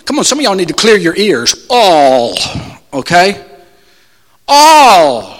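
A male preacher with a high, bright voice that leaps all over its range, working the crowd with call-and-response questions. His sermon rings with a long church reverb as he jumps from shouts to hushed asides. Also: sing-song, fairly quick. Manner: shouts and drops to soft asides.

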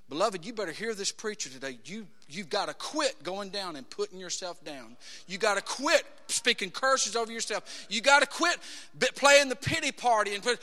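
A man preaching a sermon as pastor, emphatic and building to shouts as he quotes scripture. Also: high-pitched, lively intonation, fairly quick. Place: church sanctuary. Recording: long hall reverb.

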